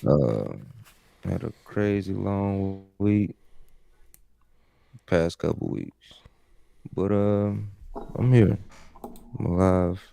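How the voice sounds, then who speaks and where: A man's voice: sits low, very slow, vocal fry, pauses often, warm tone, no echo. A man co-hosting a podcast in slangy, laid-back casual chat, a little under the weather. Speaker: podcast co-host. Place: home video call setup.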